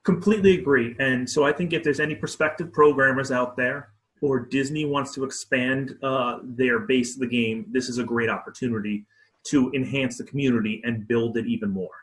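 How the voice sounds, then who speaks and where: A man's voice: medium pitch, steady tone, a little fast, reverberant. A man co-hosting a casual gaming chat, upbeat and agreeable. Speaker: co-host.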